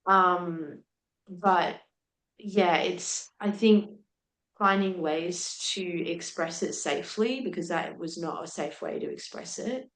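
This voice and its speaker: Animated young woman telling a story. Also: on the low side, takes it slowly. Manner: animated retelling with laughs and quoted speech. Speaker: podcast guest. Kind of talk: candid storytelling in conversation. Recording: roomy echo.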